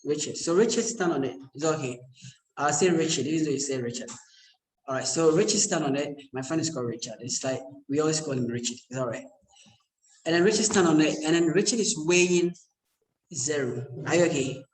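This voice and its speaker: Recorded in an echoey lecture room with a little hiss or hum, a man with a voice on the high side speaks a little fast. He keeps his university lecture conversational and jokey, checking in with his students over and over.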